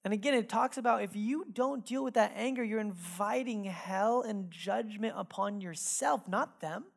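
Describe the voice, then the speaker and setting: A man preaching a sermon, telling stories from his own life in a casual, animated way full of "like" asides. He drops into hushed, earnest tones when he turns reflective. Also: high voice, normal speed, gravelly. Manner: casual, animated, filler-heavy delivery. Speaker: pastor. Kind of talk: sermon with personal storytelling. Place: church sanctuary.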